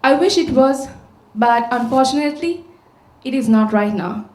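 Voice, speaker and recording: A woman's voice: high voice, animated, moderate pace, darkish tone. A woman giving a public talk, telling a story and asking the audience rhetorical questions. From Sri Lanka. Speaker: conference speaker. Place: large auditorium. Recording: echoey auditorium sound.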